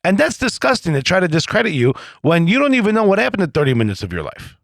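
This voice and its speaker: A man's voice: high-pitched, huge pitch swings, fast, vocal fry, fairly bright tone, no room sound. A man hosting a political podcast interview, talking bluntly and animatedly with plenty of profanity. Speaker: podcast host.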